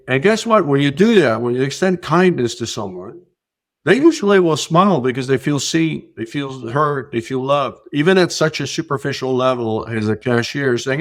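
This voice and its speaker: A man as a podcast guest, telling stories in an earnest, reflective way and rising in pitch and loudness when he makes a point. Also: lively intonation, normal speed. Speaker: podcast guest, keynote speaker. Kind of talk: reflective conversational storytelling.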